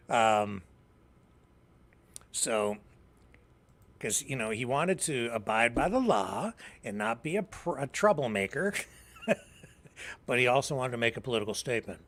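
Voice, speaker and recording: A man's voice: medium pitch, very animated, slow pace, long pauses, fairly bright tone. A Canadian man with a Canadian English accent hosting a live news show, rambling through casual commentary and often laughing at his own jokes.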